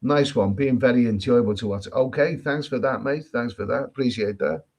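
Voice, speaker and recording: A man from England, a travel vlogger, is live-streaming from an island in Thailand, reading comments aloud and answering in a talkative, repetitive style full of restarts and strong opinions. His mid-range voice is a little mellow and moves at a normal speed.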